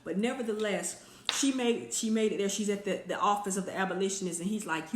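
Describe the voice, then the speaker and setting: Woman, mid-pitched voice, lively motivational live-stream host talking to her viewers, in an echoey room. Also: brisk. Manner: energetic and conversational, speaks straight to viewers. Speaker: motivational speaker hosting a weekly live stream.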